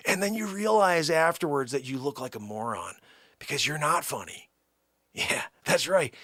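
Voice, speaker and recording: A man's voice: mid-range voice, fast, fairly bright tone, no echo, studio quality. A man hosting a live stream, talking in a rambling, sarcastic, jokey way. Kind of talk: casual live-stream banter.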